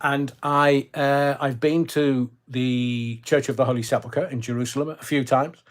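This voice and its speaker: A man's voice: mid-range voice, fairly even intonation, normal speed. An older man from Scotland, hosting a casual livestream, chatty and jokey, rambling with lots of fillers. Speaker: livestream host reading viewer comments. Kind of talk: casual chat.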